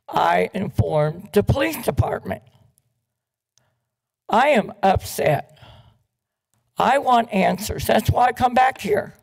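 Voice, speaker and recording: A woman's voice: mid-range voice, slow, creaky, pauses often, a little mellow, poor audio. A woman giving an upset public comment at a city council meeting, pleading and repeating her demands for answers.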